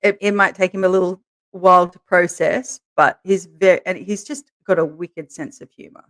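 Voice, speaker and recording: A woman co-hosting a podcast, telling candid stories in a relaxed way and laughing as she goes. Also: fairly low pitch, normal speed. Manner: laughs through her stories, animated quoting. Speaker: podcast co-host, interviewed as guest. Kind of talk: candid conversational storytelling.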